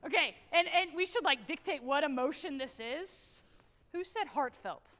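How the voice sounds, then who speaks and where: Texan woman, guest conductor, high voice, energetic coaching, big theatre reverb. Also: normal speed. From Texas. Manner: energetic, encouraging, sings out phrases. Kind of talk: rehearsal clinic with student band. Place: large theatre stage. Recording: long hall reverb in a theatre.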